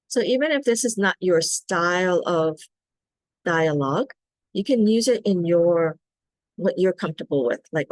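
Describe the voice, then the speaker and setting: Gentle low-voiced woman guiding a practice. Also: animated, moderate pace, no echo. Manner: gentle, coaxing, asks "right?" often. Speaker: wellness facilitator. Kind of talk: guided self-care practice.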